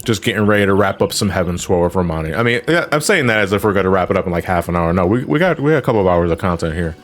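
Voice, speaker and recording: Lowish guy gaming on stream, rambly, lots of um and restarts, faint music behind. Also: animated, rapid-fire. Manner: rambling, many restarts and fillers, swears freely. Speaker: streamer playing an online game. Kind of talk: casual gaming chat.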